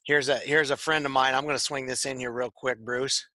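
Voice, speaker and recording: Bright-voiced rambling male co-host. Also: mid-range voice, little pitch movement, fairly quick, no echo. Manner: rambling, repeats words often. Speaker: podcast co-host. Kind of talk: casual chat. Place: tech shop.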